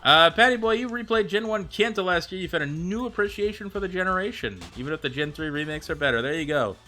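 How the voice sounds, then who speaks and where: A man's voice: high voice, animated, fast, sharp tone, faint music behind. A man streaming and chatting casually with viewers, rambling with plenty of fillers and answering them by name. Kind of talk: casual livestream chat.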